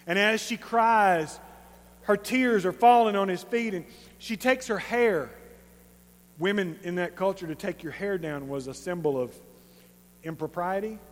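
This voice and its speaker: A man with an East Texas accent preaching a sermon as a pastor, conversational and emphatic, with animated storytelling. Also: sits high, measured pace. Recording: long reverb of a large hall.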